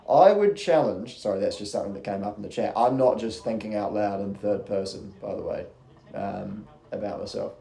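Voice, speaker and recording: A man's voice: lowish voice, fairly quick, creaky, dark tone, reverberant. A young man giving casual, rambling race commentary on a live stream, chatty and swearing freely.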